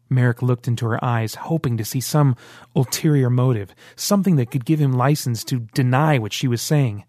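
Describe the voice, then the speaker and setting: A man reading an audiobook in steady, earnest scripted narration. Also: mid-range voice, normal speed, no room sound, studio quality.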